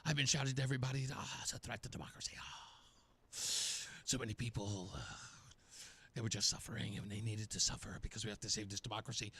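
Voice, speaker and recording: A man voicing an exhausted, self-pitying male senator in a low, breathy, half-whispered mocking parody. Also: fairly even intonation, quick pace, bright, forceful tone, exaggerated voice. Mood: whiny mockery. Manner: mocking, whiny.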